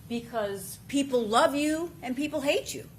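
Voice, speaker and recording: A woman's voice: high-pitched, expressive, measured pace, slight background noise, poor audio. A woman defense attorney cross-examining a witness in a courtroom, pressing with pointed leading questions.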